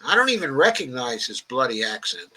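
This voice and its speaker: An elderly man from the Bronx with a strikingly bright, sharp-edged voice. He hosts a political stream, reading viewer comments aloud and chatting back at them. His talk rambles along, padded with "okay" and "uh". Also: mid-range voice, big pitch swings, fairly quick, slightly rough, low-quality recording. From New York, the Bronx. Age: 80s. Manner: rambling and conversational, peppered with "okay" and "uh". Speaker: political livestream host.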